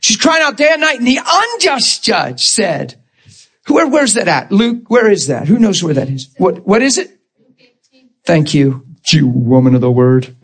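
A male pastor preaching with a strikingly high voice. He builds to fervent shouts, stumbles over repeated words and talks straight to his congregation. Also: measured pace, husky. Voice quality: high-pitched, animated, stammering repeats. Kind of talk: sermon.

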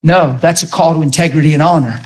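A middle-aged man preaching a sermon, telling stories with animated emphasis. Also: a little high, fast talker. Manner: animated, rises to near-shouting when retelling a story. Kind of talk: sermon storytelling.

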